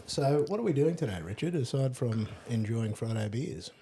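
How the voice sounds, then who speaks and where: A man's voice: mid-range voice, lively intonation, normal speed, background noise. An Australian man casually chatting over beers on a podcast, telling travel stories and swearing now and then. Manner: laid-back storyteller, swears casually. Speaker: podcast co-host.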